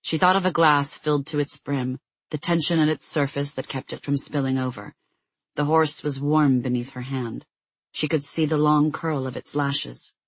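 A measured, calm reading of a storybook. The voice sits in a middle pitch and is recorded close and dry in a small booth, with no room sound. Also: dry recording. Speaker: audiobook narrator. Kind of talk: scripted narration.

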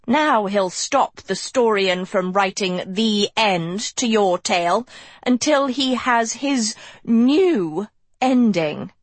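A woman reading an audiobook, voicing a stern, menacing female teacher who speaks in a slow, cutting, snarling way. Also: mid-range voice, expressive, no room sound. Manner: slow, slashing, snarling delivery.

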